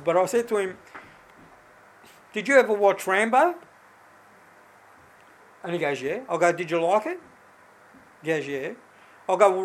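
A middle-aged man with a high, light voice preaches informally to a congregation. He reads scripture and tells stories from his own life in a loose, conversational manner, often restarting his sentences. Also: rough recording. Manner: conversational, animated storytelling with many restarts. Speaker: lay preacher. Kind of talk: informal sermon with personal stories.

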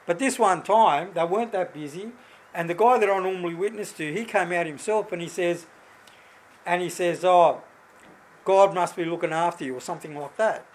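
A middle-aged man giving an informal sermon, mixing scripture with a personal story told in a chatty, animated way. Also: high voice, fairly quick, low-quality recording. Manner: conversational, animated storytelling with many restarts. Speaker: lay preacher.

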